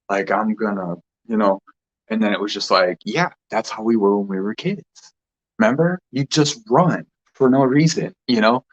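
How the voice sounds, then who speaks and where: A man's voice: fairly low pitch, moderate pace. Rambling man with a lo-fi sound. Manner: rambling, animated, filler-heavy. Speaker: spiritual channeler. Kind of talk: casual spiritual talk. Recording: dull lo-fi sound.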